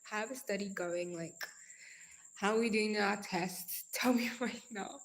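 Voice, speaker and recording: Young woman, live-stream host, energetic casual chat, affectionate pet names. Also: mid-range voice, a little slow. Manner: energetic, calls viewers darling and girl.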